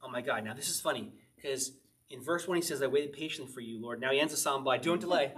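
A man's voice: medium pitch, fast, crowd noise. A man leading an evening Bible study as pastor, reading psalms aloud and explaining them in a loose, conversational way, often laughing. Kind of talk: informal Bible study teaching.

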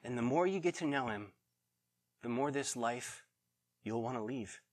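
A middle-aged man preaching a sermon as pastor, animated, swinging between loud bursts and hushed, tender passages. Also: mid-range voice, moderate pace.

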